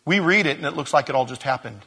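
A husky-voiced male preacher delivers a lively sermon in a church. His pitch sits a bit high and swings widely as he jokes and acts out each scene. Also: fast. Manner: jokey, storytelling preacher who acts out scenes. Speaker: pastor.

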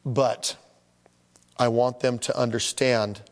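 In a large hall, a man preaches a sermon slowly in a mid-range voice. The pastor is animated throughout, acting out how complainers voice their troubles.

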